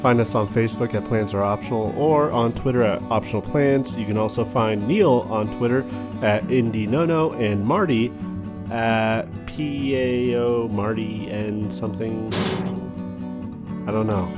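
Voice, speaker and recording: A man's voice: lowish voice, unhurried, over music. A man hosting a casual podcast chat, dry and wry, steering things to a close. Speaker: podcast host.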